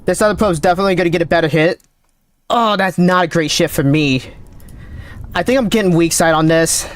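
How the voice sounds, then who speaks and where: A man streaming a game live, calling out readings with excited running commentary, his voice cracking. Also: sits high. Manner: excited, calls out numbers rapidly. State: voice cracking, thirsty. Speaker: gaming streamer.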